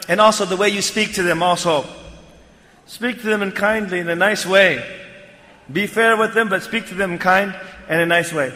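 A man preaching a sermon, animated and rising to emphatic near-shouts, quoting Arabic phrases and explaining them in English. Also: sits high. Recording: long hall reverb.

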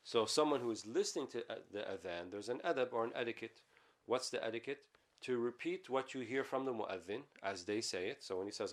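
Low-voiced man teaching a religious text. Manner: reads Arabic passages quickly, then explains in English. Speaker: Islamic teacher. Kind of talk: explaining a classical text.

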